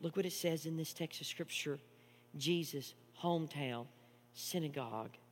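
A man preaching a sermon, moving between hushed storytelling and loud, impassioned preaching. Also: fairly high pitch, moderate pace. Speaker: pastor. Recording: long hall reverb with mains hum.

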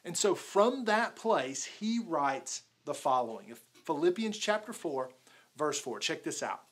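A man's voice: a little high, big pitch swings, a little slow. A man preaching a sermon in a casual, conversational way, often saying "like". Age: adult, married with a daughter. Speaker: pastor.

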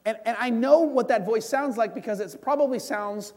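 A man with a high voice preaches a sermon. He talks to the congregation as if chatting, leads them in prayer and slips into short acted-out lines of dialogue. His voice rings with the long echo of a big church hall. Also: moderate pace, darkish tone.

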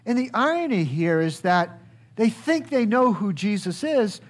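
Pastor, male, high voice, unhurried sermon delivery with rhetorical questions. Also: very animated. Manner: preaching with rhetorical questions and acted quotes; slow and emphatic, swinging high for quotes and dropping low.

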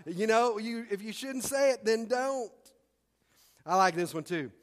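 A man's voice: high voice, expressive, moderate pace. A man preaching a sermon as pastor in a church, conversational and punchy with emphatic repetition. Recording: long hall reverb.

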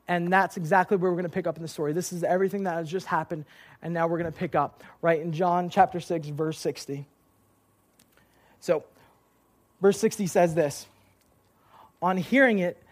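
Young male youth pastor, high voice, chatty storytelling sermon with fillers. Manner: lively storytelling with filler words.

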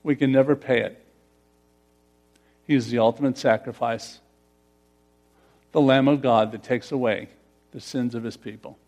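A man's voice: mid-range voice, fairly even intonation, moderate pace, long pauses, a little mellow. A pastor preaching a conversational sermon, putting questions to his congregation. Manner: conversational, asks the congregation questions, laughs often.

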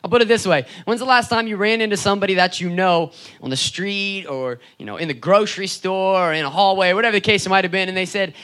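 Brief: young male pastor, high bright voice, chatty storytelling sermon delivery. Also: fast, few pauses. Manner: conversational preaching with storytelling asides and rhetorical "right?".

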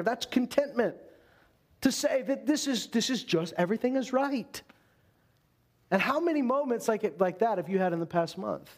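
A man preaching a sermon with an earnest, building delivery. His voice sits high for a man, and he drives points home by repeating phrases. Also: very animated, moderate pace. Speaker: pastor.

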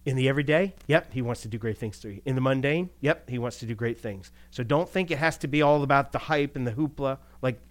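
A man preaching a sermon in a relaxed, conversational way. He keeps it lively with rhetorical questions and short chuckles, and his voice sits at an ordinary middle pitch. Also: quick pace, hardly any pauses. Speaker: pastor.

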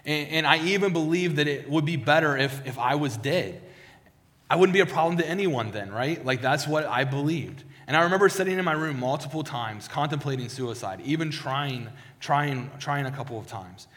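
A man's voice: on the high side, lively intonation, moderate pace, fairly bright tone. Man preaching in a reverberant church. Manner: conversational, many restarts and repeated words. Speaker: pastor. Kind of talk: sermon with personal testimony. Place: church sanctuary. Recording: long hall reverb.

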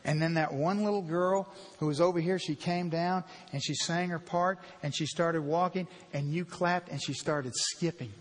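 A man preaching from the pulpit in a church sanctuary, sharing his heart in a candid, conversational sermon. His fairly high voice rings out with a long, lingering reverb. He speaks gently and then pushes up into emphatic, louder stretches. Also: steady tone, moderate pace, few pauses. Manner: heartfelt, confessional, builds to emphatic bursts. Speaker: pastor.

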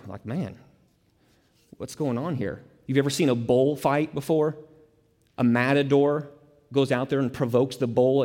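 A man preaching a sermon with emphasis, repeating key phrases and dropping to soft low tones to stress a point. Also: big-room sound. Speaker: pastor.

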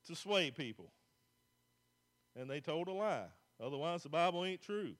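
Male pastor, folksy sermon delivery, higher-pitched voice. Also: expressive, moderate pace, pauses often, a bit bright. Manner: folksy, plain-spoken preaching with restarts.

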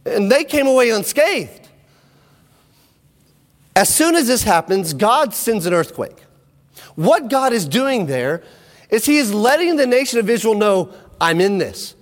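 High-voiced preacher man in a reverberant hall. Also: measured pace, long pauses. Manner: energetic storytelling, acts out quotes, asks the audience. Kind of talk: sermon.

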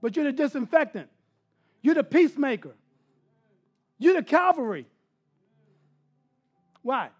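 A man delivers a sermon from the pulpit in a strikingly high voice. He swings between hushed, intimate asides and loud, emphatic bursts. Faint music plays beneath him. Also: expressive, unhurried, long pauses. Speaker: pastor.

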